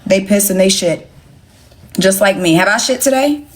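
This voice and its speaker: A woman's voice: medium pitch, expressive, moderate pace, a little hiss or hum. A young woman hosting a phone livestream, talking bluntly and with plenty of swearing straight to her chat. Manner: blunt, profane, sassy, talks straight to chat. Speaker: livestream host. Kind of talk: casual livestream rant to viewers.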